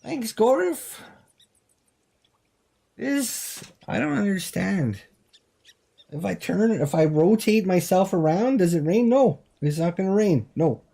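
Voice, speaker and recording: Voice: medium pitch, animated, takes it slowly, gravelly, pauses often, warm tone, husky. A talk show host bantering with callers in a mock-serious, exasperated, teasing way. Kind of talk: comedic call-in show banter.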